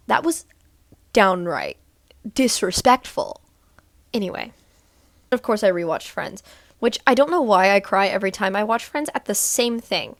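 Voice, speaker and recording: A woman's voice: mid-range voice, expressive, measured pace, long pauses, no echo, clean studio sound. A woman from Texas talking casually to camera in a rambling vlog recap, full of "like" and "um". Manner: rambling, lots of "like" and "um". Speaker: vlogger.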